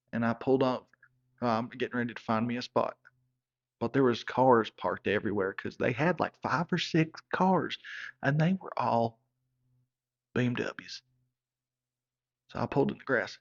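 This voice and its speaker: A man telling a comic story in a folksy, deadpan manner. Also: mid-range voice, gravelly. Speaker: comedic storyteller. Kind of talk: comedic character monologue. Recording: slightly dull lo-fi sound.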